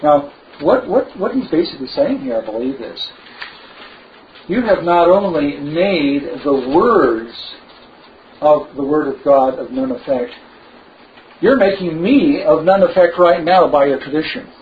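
Slow, emphatic male preacher. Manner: slow, emphatic preaching with shifts to lively asides. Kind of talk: sermon. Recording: dull low-fi recording with faint noise.

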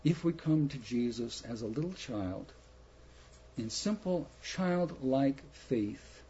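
A man preaching a sermon slowly and emphatically, putting rhetorical questions to his listeners. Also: medium pitch, expressive, dark tone, a little hiss or hum. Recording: muffled lo-fi recording.

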